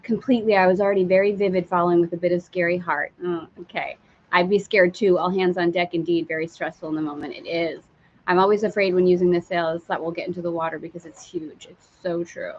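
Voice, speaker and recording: A woman's voice: on the low side, steady tone, quick pace, highs cut off, a little hiss or hum. A woman hosting a live stream from a sailboat, telling a candid story and reading viewer comments aloud. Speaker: spiritual teacher and live-stream host.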